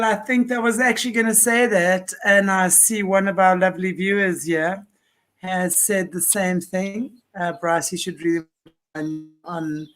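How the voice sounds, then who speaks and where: A woman's voice: medium pitch, a bit bright. A woman co-hosting a live stream, chatty and friendly while going through viewer comments. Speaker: co-host reading viewer comments. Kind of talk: casual live-stream chat.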